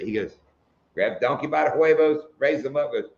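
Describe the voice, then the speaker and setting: A man's voice: mid-range voice, animated, brisk, gravelly, dull audio. A man hosting a casual live stream, telling jokes and laughing at them. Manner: joking storyteller, laughs at own jokes.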